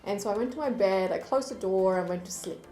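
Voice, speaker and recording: A woman beauty vlogger chatting to camera, telling stories in a lively way at her desk. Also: mid-range voice, a little fast, reverberant, faint music behind. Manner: chatty, animated storytelling. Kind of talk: casual chat to camera. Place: indoor room at a desk.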